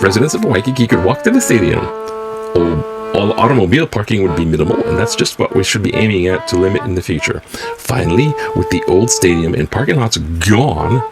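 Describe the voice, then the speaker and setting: A man hosting a spoof news show, reading newspaper letters aloud and breaking in with wry, mocking asides. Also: on the low side. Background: music.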